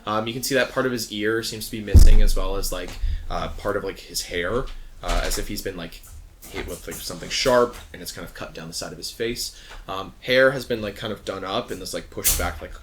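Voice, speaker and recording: A man's voice: low voice, a little fast, background noise. A man narrating as game master of a tabletop game, describing scenes in a laid-back, rambling way full of fillers.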